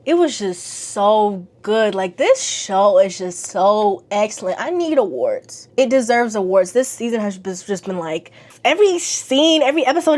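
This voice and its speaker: A young woman chatting casually in a slangy, animated way. She laughs often as she talks. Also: medium pitch, moderate pace. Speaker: vlogger reviewing a TV series. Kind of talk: casual chat.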